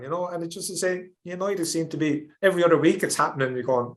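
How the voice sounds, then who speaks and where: An Irish man and former footballer giving animated, repetitive football analysis on a podcast, acting out quotes as he goes. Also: a little high, quick pace, a loud crowd. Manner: animated, repeats himself, acts out quotes. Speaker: former player, pundit.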